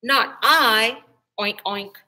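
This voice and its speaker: A woman voicing a lazy, unhelpful barnyard pig who refuses flatly and oinks. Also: on the high side, very slow, heavily acted. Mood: refusing. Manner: flat refusals ending in oinks.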